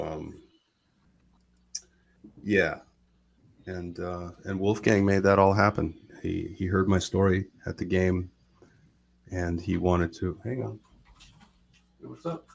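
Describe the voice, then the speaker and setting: A man's voice: sits low, takes it slowly, creaky, pauses often, a little hiss or hum. A man telling a long personal story on a live talk show, rambling and acting out what people said. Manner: rambling, animated retelling with quoted voices. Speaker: guest storyteller.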